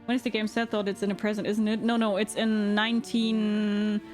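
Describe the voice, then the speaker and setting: A woman streaming a game live, chatting to viewers, reading game text aloud and reacting quickly. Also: medium pitch, level tone, soft background music. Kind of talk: live-stream gameplay commentary.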